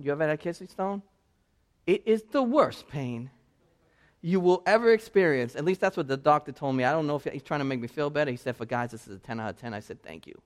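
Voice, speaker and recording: A male pastor preaching a sermon, telling personal stories and building to loud, passionate preaching. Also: fairly high pitch.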